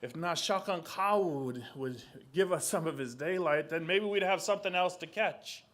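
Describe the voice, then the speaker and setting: A man's voice: on the high side, normal speed, fairly bright tone, pitched above the performer's own voice, natural voice. Man voicing tired, humble fishermen, plain-spoken, explaining patiently. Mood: resigned.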